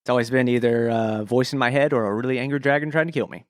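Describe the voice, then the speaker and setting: A man's voice: mid-range voice, fairly even intonation, fast talker, no echo. Joking man in a dry, close recording. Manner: joking, swearing, playful. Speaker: player. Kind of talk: casual chat at a game table.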